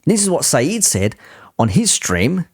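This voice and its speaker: A man's voice: a little high, very animated, measured pace, breathy edge, no echo, clean studio sound. A man hosting a reaction commentary, talking in an exasperated, casually swearing way. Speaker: commentary channel host.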